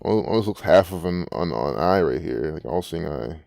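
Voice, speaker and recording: A man's voice: low voice, lively intonation, moderate pace, vocal fry, darkish tone, no echo, clean studio sound. Rambling, profane man ranting. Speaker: channel host. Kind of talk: ranting screen-reading commentary.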